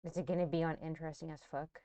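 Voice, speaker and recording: A woman's voice: sits low, steady tone, very fast, dark tone, no echo. A woman streamer giving casual, sarcastic commentary on news clips, swearing freely. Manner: blunt and profane, sarcastic asides.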